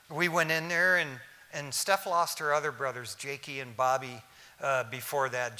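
A man's voice: on the high side, pushed and bright. A male pastor preaching a sermon, telling stories in a casual, slangy way between fervent exhortations. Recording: hall reverb.

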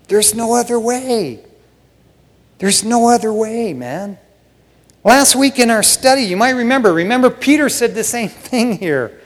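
A man pastor giving a casual sermon, dropping to a hush for emphasis and rising when he acts out voices from Bible stories. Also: high-pitched, moderate pace, in a large hall. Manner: swings between hushed emphasis and raised excitement.

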